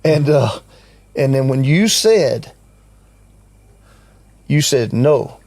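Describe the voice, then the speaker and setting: A man's voice: mid-range voice, lively intonation, drawn-out words, a little mellow, no echo. An older man telling a story in casual conversation, acting out what others said and chuckling often. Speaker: team member recounting a trip.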